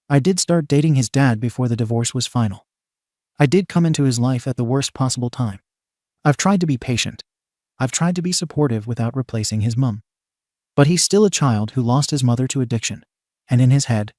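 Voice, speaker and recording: A man narrating a story in an even, steady scripted read. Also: medium pitch, moderate pace, no room sound, clean studio sound.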